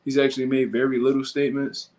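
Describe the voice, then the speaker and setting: A man hosting a livestream who reacts to chat with blunt, slang-heavy, profane talk. His voice has a medium pitch and a loose, off-the-cuff delivery. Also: little pitch movement, fast talker, a little mellow. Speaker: livestream host.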